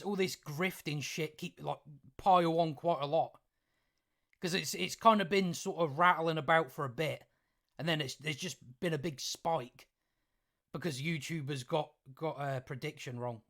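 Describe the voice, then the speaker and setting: A man's voice: a little high, fairly bright tone. A male YouTube commentator ranting sarcastically, swearing, chuckling and often restarting his sentences. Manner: halting restarts.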